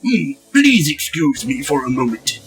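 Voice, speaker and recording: A man voicing a pompous, vain older male art master in a game, speaking slowly and sternly, with soft game music behind. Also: on the high side, very animated, rough recording. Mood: haughty. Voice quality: slow, haughty and stern.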